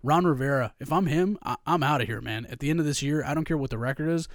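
A man's voice: fairly high pitch, quick pace, no echo, studio quality. A man co-hosting a sports podcast, ranting with heavy profanity in a casual chat. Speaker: podcast co-host.

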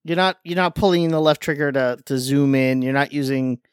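A man's voice: medium pitch, fairly quick, clear, resonant tone, no echo, clean studio sound. A man co-hosting a casual gaming podcast, talking in a wry, sarcastic, joking way. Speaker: podcast co-host. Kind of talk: casual chat.

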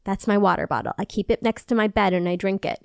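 A woman co-hosting a podcast in casual chat, animated, laughing often and swearing freely. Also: medium pitch, fast talker, vocal fry, dry recording, studio quality. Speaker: podcast co-host.

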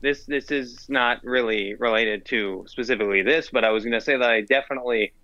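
A man's voice: medium pitch, brisk, pushed and bright, dry recording, dull audio. A teenage boy co-hosting a casual chat podcast, rambling and correcting himself as he tells stories. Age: teens. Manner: rambling, self-correcting storyteller. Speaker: podcast co-host.

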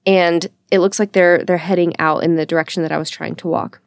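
A woman telling a personal story in a casual, chatty and animated way, laughing often as she talks. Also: fairly low pitch, fairly quick, no room sound, clean studio sound. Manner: chatty, animated, acts out her own quotes; laughs often while talking.

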